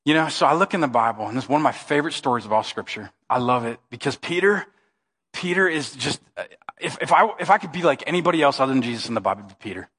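A male pastor, preaching an emphatic, animated sermon. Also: medium pitch, fast talker, slightly rough. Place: church sanctuary. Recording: reverberant church hall.

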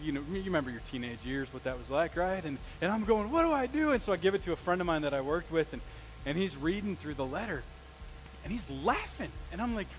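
High-voiced pastor preaching casually. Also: male voice, fast talker, rough recording. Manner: conversational, animated storytelling with asides. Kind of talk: sermon. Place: church sanctuary.

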